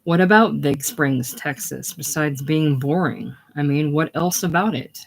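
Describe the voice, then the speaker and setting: Calm teasing young guy poking at his buddy, one reader doing all parts, slow, casual play reading. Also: medium pitch, vocal fry. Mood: needling. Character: patient, needling young male friend.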